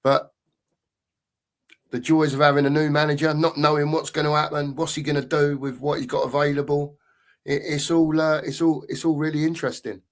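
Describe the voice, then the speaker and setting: A man's voice: on the high side, level tone, a little fast. A middle-aged man hosting a casual live football stream, reading out chat and greeting viewers in a matey way.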